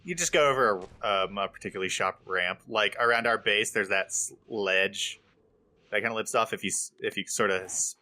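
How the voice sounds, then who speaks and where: A man's voice: on the low side, a little fast, bright, forceful tone. A man in a co-op gaming session, talking in a rambling, hesitant way with many fillers. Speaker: co-op gameplay host. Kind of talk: casual gaming chat.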